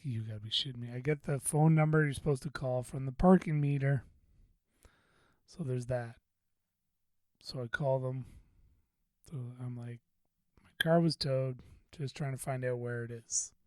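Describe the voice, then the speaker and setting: A man's voice: medium pitch, no echo. A man hosting a podcast, telling a story in a rambling, profane, self-deprecating way. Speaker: podcast host. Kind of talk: casual venting monologue.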